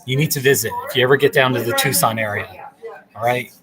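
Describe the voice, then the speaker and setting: A man's voice: mid-range voice, fast talker. Chatty man in a noisy coffee shop. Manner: chatty and playful, reads questions aloud. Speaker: livestream host. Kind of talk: casual livestream chat. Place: busy coffee shop, indoors. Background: loud crowd chatter.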